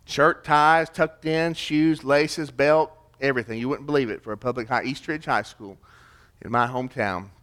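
A man preaching a sermon, emphatic, swinging between loud declarations and hushed, quiet stretches. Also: medium pitch, moderate pace. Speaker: pastor.

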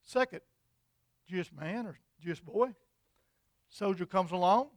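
High-voiced preacher telling a story. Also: male voice, a little slow, no room sound. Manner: storytelling, animated, repetitive restarts. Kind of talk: sermon.

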